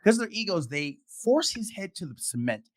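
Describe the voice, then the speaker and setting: A man hosts a talk show over a video call, his voice sitting a little high and swinging widely as he gets worked up. He stops and restarts his sentences often, pressing his points with feeling. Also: very animated. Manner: impassioned, halting with repeated restarts. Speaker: podcast host. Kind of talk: emotional casual discussion.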